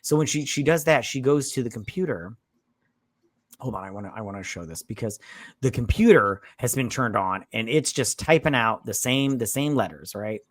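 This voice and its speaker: A man's voice: mid-range voice, animated, moderate pace, no echo. A man co-hosting a casual movie-review podcast, rambling, swearing, and acting out the scenes in voices. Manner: rambling, profane, acts out characters in voices. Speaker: podcast co-host. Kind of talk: casual drunk movie recap.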